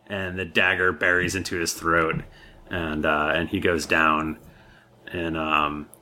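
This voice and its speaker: A man narrating and running a tabletop role-playing game as game master, in a relaxed, halting way with fillers. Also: low voice, slight background noise.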